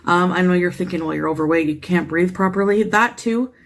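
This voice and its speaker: A woman's voice: lowish voice, a little fast. Wheezy, rambling woman vlogger. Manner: rambling, full of fillers. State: out of breath, wheezy. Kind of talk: casual show-and-tell vlog.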